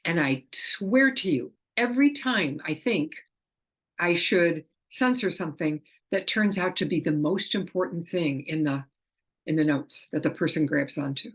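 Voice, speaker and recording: A woman's voice: low-pitched, a little slow, breathy edge. A middle-aged woman explaining her work as an animal communicator in a casual, chatty way, often acting out the quoted dialogue. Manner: chatty, acts out quoted dialogue in lively voices.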